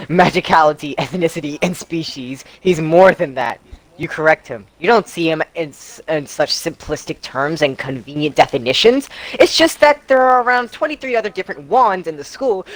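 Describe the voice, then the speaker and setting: A man streamer reading game text aloud in a relaxed, deadpan way. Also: fairly high pitch, poor audio.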